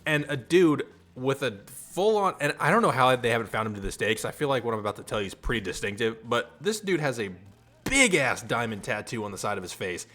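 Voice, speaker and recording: A man's voice: mid-range voice, expressive, fairly quick, bright, forceful tone. A young man casually telling a rambling personal story to camera, swearing and laughing along the way. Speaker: storytime vlogger.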